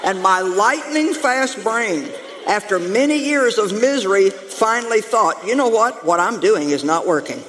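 A woman pastor preaching a lively, humorous sermon to her congregation, calling out to them as she goes. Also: medium pitch, a little slow, long reverb tail, noisy background. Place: church sanctuary.

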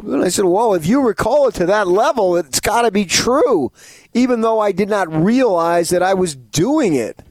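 Mock-indignant radio co-host, high lively voice. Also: male voice, normal speed, no echo. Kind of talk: sports radio banter. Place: radio studio.

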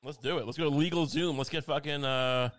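A man in casual comedic podcast chat, rambling with halting restarts and deadpan mock outrage. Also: fairly high pitch.

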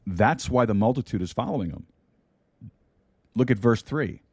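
A man's voice: medium pitch, lively intonation, normal speed, darkish tone, breathy edge, dry recording. A male pastor preaching a podcast sermon in an earnest way, repeating key phrases for emphasis, into a studio microphone. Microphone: studio microphone with mute button.

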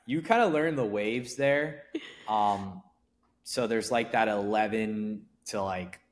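A man with a fairly low voice talks loosely on a podcast. He rambles, restarts his sentences and leans on fillers, easygoing throughout. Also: takes it slowly. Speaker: event promoter guest. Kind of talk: casual podcast interview.

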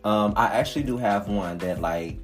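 A man's voice: lowish voice, normal speed, soft background music. A man hosting a podcast, chatting casually with slangy banter and frequent laughter. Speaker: podcast host.

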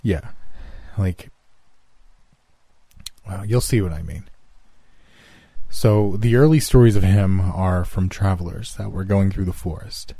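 A man's voice: sits low, slow pace, gravelly, pauses often, mellow, slightly rough, dry recording, exaggerated voice. A man voicing a touchy, earnest young male friend who tells a creepy tale and swears when teased.

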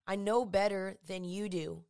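A woman voicing Jesus as a gentle, comforting man who speaks softly and reassuringly. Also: medium pitch, fairly even intonation, unhurried, lightly acted. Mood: tender. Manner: soft, tender, reassuring.

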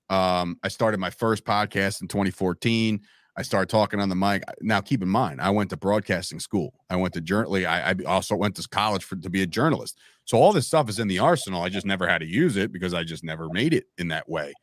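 Low-voiced man telling wrestling stories. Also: no echo, clean studio sound. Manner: animated storytelling, acts out quoted voices. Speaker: podcast guest, wrestling commentator. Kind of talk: casual podcast chat.

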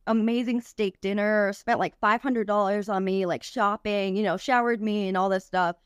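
Young woman, podcast guest, candid storytelling, swears, filler-heavy, mid pitch, dry close mic. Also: steady tone, normal speed, clean tone, dry recording. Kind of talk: telling a personal story.

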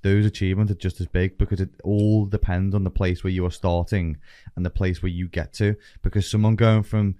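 Deep, flat-voiced man hosting. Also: fairly quick, no room sound. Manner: earnest, reflective, swears casually. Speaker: podcast host. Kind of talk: casual podcast chat.

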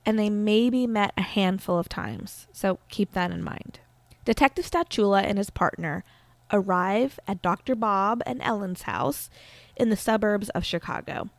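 A woman narrating a true-crime story in a chatty, casual podcast style, dropping fillers as she goes. Her voice sits at a middle pitch and sounds close and dry. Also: measured pace, no room sound. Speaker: podcast host.

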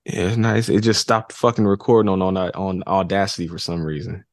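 A man's voice: deep voice, level tone, fairly quick, no room sound, studio quality. A man guest on a podcast, talking laid-back and casual, swearing freely.

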